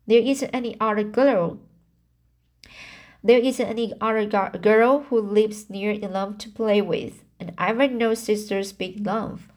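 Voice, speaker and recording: A woman voicing a frank, cheerful young girl in a storybook reading, slow and halting. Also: medium pitch, lightly acted.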